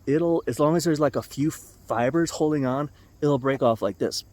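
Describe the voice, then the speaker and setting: A man's voice: on the high side, moderate pace, darkish tone. Middle-aged man telling a rambling story. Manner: rambling, self-correcting, chuckles through his story. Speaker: vlogger. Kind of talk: casual storytelling to camera.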